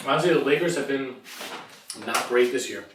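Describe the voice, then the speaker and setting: Casting: man, podcast co-host, dry deadpan, echoey distant sound. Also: mid-range voice, brisk, a little hiss or hum. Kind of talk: casual chat. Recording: echoey room, mic at a distance.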